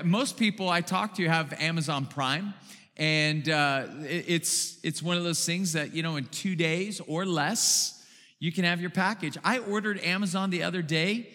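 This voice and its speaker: A man's voice: sits high, bright, forceful tone. A male pastor giving a sermon in a conversational way, with frequent stammered restarts and acted-out quotes. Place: church hall. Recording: reverberant church hall.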